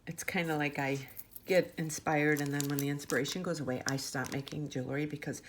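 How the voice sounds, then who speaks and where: In a deep, steady voice that moves a little fast, a woman chats enthusiastically about jewelry she made, stumbling into fillers and restarts along the way. The tabletop camera mic adds a slight hiss or hum to this casual show-and-tell vlog.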